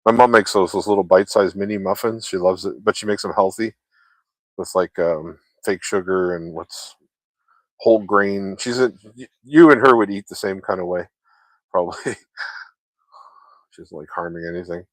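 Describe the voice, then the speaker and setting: A man's voice: low voice, normal speed, no echo. A man chatting casually with viewers while he works, rambling from topic to topic and swearing freely. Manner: loose, chatty, swears freely, laughs often.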